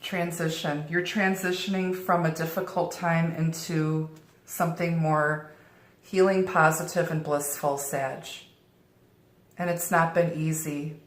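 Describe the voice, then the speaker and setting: A middle-aged woman with a low voice gives a tarot reading, taking her time and reassuring her listeners over and over. She often circles back and restarts her phrases. The sound is roomy, with a clear echo around her. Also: fairly even intonation, a little slow. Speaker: tarot reader.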